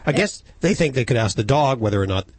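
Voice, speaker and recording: A man's voice: medium pitch, expressive, fast talker, darkish tone, no room sound. A man hosting a radio show, joking and easygoing in casual talk. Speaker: radio host.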